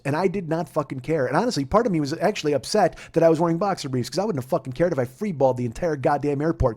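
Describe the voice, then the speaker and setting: A man's voice: a little high, fast, few pauses. Profane, exasperated storytelling man. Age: 40s. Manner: profane, exasperated, swings between muttering and shouting. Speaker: podcast host. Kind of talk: storytelling monologue.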